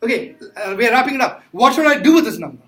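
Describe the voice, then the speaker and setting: A man's voice: very high-pitched, lively intonation, very fast, a bit bright. A man teaching a calculus class, emphatic and repetitive, quizzing his students as he works through problems. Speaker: math teacher. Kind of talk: classroom lecture. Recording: echoey classroom with faint noise.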